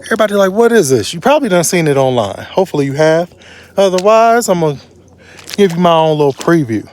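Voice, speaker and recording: A man casually narrating his own travel vlog, slangy and animated, his voice jumping up in surprise. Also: quick pace, slight background noise. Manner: animated, slangy storyteller with big pitch jumps. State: short of breath at altitude. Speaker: travel vlogger.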